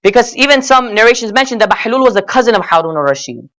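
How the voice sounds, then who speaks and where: An earnest male preacher telling stories to a congregation at an Islamic center. He slows down to stretch out the words he wants to stress and calls his listeners brothers and sisters. When he argues a point, his voice climbs in pitch and gains force. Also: big pitch swings, fairly bright tone. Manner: rises in pitch and intensity when arguing; addresses audience as brothers and sisters. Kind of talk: religious lecture with storytelling.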